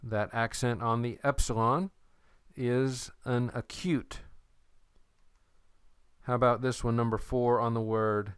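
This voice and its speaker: A man's voice: mid-range voice, level tone, slow pace, long pauses, clear, resonant tone, dry recording, clean studio sound. A man teaching an introductory Greek lesson, explaining patiently with playful memory tricks. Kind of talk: recorded lecture.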